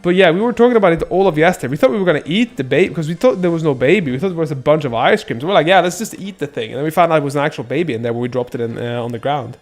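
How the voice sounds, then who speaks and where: A man streaming a game live, chatting casually with viewers, excitable and swearing often. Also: a little high, racing, few pauses.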